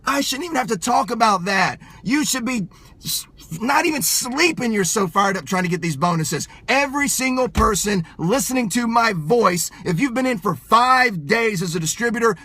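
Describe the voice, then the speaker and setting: Loud, fired-up man with a bright, high voice. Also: breathy edge. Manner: loud, yelling, emphatic, punchy repetition. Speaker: sales motivational speaker. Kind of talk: fired-up motivational pep talk.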